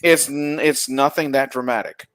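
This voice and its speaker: A man's voice: medium pitch, steady tone, normal speed, fairly bright tone, shouting. A man co-hosting a casual chat about films and shows, teasing and rambling through asides. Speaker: podcast co-host.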